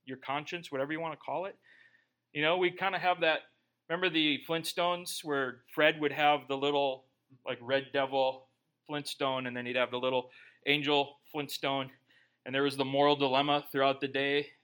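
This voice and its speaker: A man's voice: mid-range voice, flat delivery, moderate pace, fairly bright tone, clean tone. A man preaching a sermon in a conversational way, with joking asides. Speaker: pastor.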